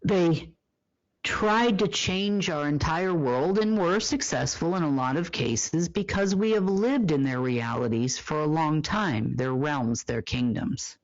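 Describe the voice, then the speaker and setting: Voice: medium pitch, takes it slowly, dry recording. Dull lo-fi solo report host. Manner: asks rhetorical questions and answers them himself. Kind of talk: monologue report.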